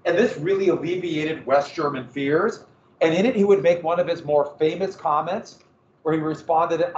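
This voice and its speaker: Guy lecturing history, chatty and animated, slightly high voice, echoey classroom sound. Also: normal speed, slight background noise. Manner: animated, conversational, joking asides. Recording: echoey room, dull lo-fi sound.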